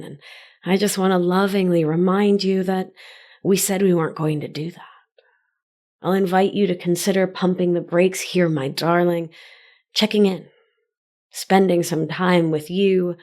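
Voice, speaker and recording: Woman as tender inner intuition, gentle sing-song, unhurried, slightly low voice. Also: close to an everyday voice.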